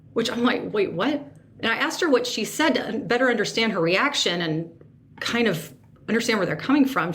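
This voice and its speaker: A woman hosting a podcast, telling a personal story in an animated, emotional way and second-guessing herself aloud. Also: medium pitch. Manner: emotional, sensitive. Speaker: podcast host.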